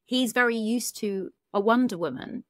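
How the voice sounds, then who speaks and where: A woman's voice: a little high, moderate pace, dry recording, clean studio sound. A British woman, a relationship coach, talking frankly on a podcast and swearing casually. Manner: frank, chatty, swears casually, many fillers. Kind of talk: candid podcast conversation.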